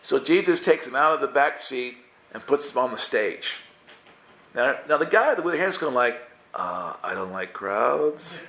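A man giving casual, playful Bible teaching, acting out the characters in quick voices. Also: fairly high pitch, animated, pushed and bright.

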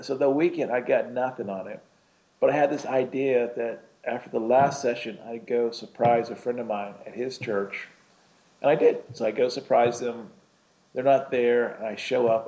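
A man's voice: medium pitch, mellow, highs cut off. A man preaching a conversational sermon, rambling through a personal story with lots of "you know" and "right?".

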